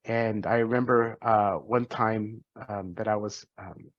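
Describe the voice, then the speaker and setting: A man's voice: on the low side, steady tone, measured pace, no room sound. Man, forties, earnest, reflective, restarts phrases, dry sound, slightly dull audio. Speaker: physician and guest speaker. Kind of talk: personal talk to students.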